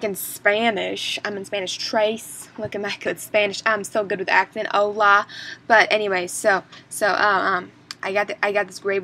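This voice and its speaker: A woman's voice: fairly high pitch, fairly bright tone, slight background noise. A teenage girl vlogging casually, rambling and self-mocking with lots of fillers and asides. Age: teens.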